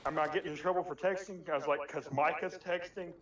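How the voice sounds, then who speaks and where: Young man, casual storytelling, animated, swearing, slightly high voice, echoey room, distant mic. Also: quick pace, dull audio. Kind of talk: casual chat among friends.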